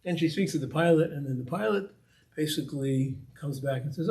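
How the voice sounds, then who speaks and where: A man's voice: fairly high pitch, a little fast, darkish tone. A man giving a conversational storytelling talk as a guest speaker, repeating and restarting phrases and building up emphasis.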